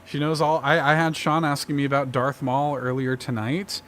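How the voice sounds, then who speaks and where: A man's voice: mid-range voice, fairly even intonation, normal speed, fairly bright tone. A man hosting a casual chat show about games. He talks loosely and laughs easily. A faint hiss sits under his mic. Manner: laughs often, loose and chatty. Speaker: podcast host.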